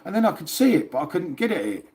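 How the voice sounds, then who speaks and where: A man's voice: high voice, very animated, fast, a little mellow. A man hosting a casual livestream, chatting and rambling to viewers and swearing now and then. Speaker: livestream host.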